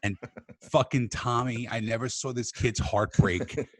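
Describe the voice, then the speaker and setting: A male comedian co-hosting a podcast tells an animated, swearing story and raises his voice to quote his friends. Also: medium pitch, a little slow, no room sound.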